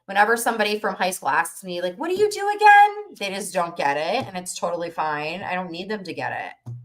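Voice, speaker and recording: A woman business coach hosting a live motivational workshop stream, energetic and emphatic, repeating phrases for rhythm. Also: fairly low pitch, fairly quick.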